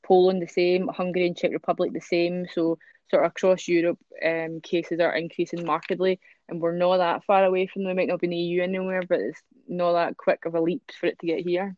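A woman's voice: fairly low pitch, little pitch movement, brisk, a little mellow, dry recording, highs cut off. A woman hosting a podcast, chatting casually with many fillers and reading out newspaper stories. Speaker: podcast host.

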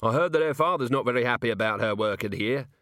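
A gruff, weary middle-aged watch commander, voiced by a man reading aloud. He speaks in curt, grumbling lines, set low and a touch quieter, in a dry storybook recording. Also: fast, dry recording.

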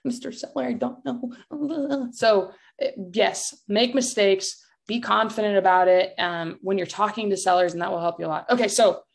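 A woman's voice: medium pitch, steady tone, moderate pace. A young adult woman co-hosting a casual podcast, upbeat and encouraging, often exclaiming. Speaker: podcast co-host.

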